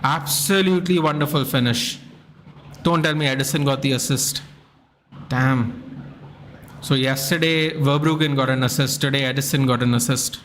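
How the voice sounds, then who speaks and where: A man's voice: mid-range voice, normal speed, slight background noise. A man streaming a live football watchalong, chatting casually and reading out viewer comments. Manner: chatty, reads out viewer comments, excitable at goals.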